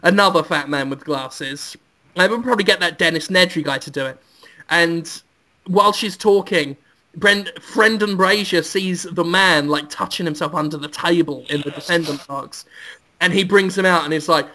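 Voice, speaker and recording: A man, a podcast co-host, telling an absurd comic story and giggling often. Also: normal speed. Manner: giggly, absurd deadpan pitch.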